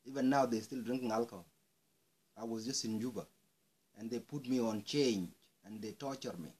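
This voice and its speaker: A man's voice: mid-range voice, normal speed, a little mellow, breathy edge. A man from South Sudan delivering an angry, impassioned monologue, swearing and rising into outbursts. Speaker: speaker airing grievances.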